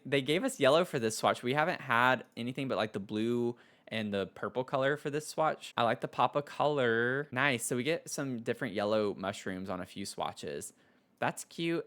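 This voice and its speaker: Excitable gushing man reviewing. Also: medium pitch. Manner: gushing and excitable, frequent gasps and "oh"; chatty, many fillers and repeated words. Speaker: game content creator. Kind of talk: casual voice-over review of game items.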